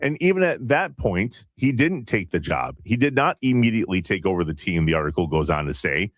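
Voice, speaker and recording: Low-voiced, lively male sports radio co-host. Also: no echo, studio quality. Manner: measured, questioning, argues a point. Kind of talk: casual sports talk.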